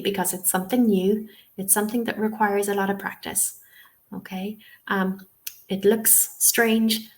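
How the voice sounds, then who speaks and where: A woman leading an online lesson as a teacher trainer, explaining patiently and often checking in with "okay?". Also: medium pitch. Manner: reassuring, frequent "um" and "okay?" check-ins. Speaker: TEFL trainer. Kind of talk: webinar lesson.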